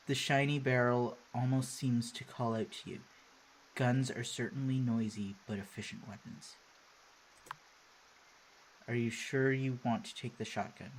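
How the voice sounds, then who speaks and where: A man's voice: medium pitch, slight background noise. Wry young man reading a game aloud. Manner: wry, playful, reads narration aloud. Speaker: let's play host. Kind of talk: reading and playing a video game.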